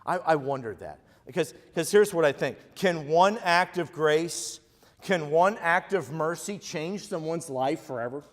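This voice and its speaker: Male pastor, midwest american accent, slightly high voice, echoey church hall, conversational preaching. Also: animated, unhurried. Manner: conversational preaching, swings from hushed to loud. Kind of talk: sermon. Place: church sanctuary.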